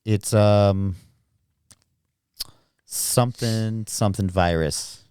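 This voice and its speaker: A man with a lowish, smooth, resonant voice chats bluntly on a podcast and swears freely. He is recorded close and dry, with almost no room sound. He often restarts his sentences as he talks. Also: steady tone, drawn-out words, darkish tone, no echo. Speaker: podcast host. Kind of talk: casual chat.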